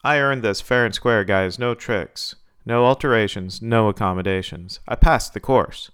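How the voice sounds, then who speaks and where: A man's voice: on the low side, moderate pace, a bit bright, clean tone, lightly acted. A man voicing a defiant young female Marine who speaks firmly and with mocking confidence.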